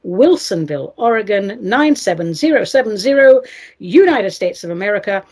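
A woman's voice: a little high, a little mellow, breathy edge. A woman from England, hosting a radio show and reading listener letters in a playful, theatrical, sing-song manner.

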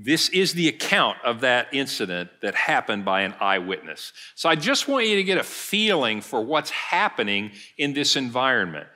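A man's voice: mid-range voice, sing-song, moderate pace, hardly any pauses, pushed and bright. A middle-aged male pastor preaching a sermon, retelling a story and acting out the quoted lines.

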